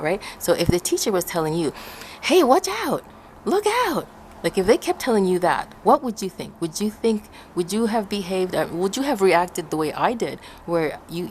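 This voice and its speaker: A woman from Ecuador chats straight to her viewers, recounting a story with a voice that rises and falls widely. She bursts into high, shouted quotes and frequent laughter. A faint background hiss sits under the recording. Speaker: vlogger.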